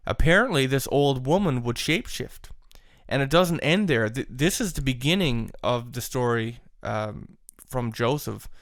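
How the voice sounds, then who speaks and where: A man's voice: medium pitch, expressive, measured pace, no room sound, studio quality. A man casually retelling a friend's strange encounter, with frequent fillers. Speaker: storyteller. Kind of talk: retelling a secondhand story.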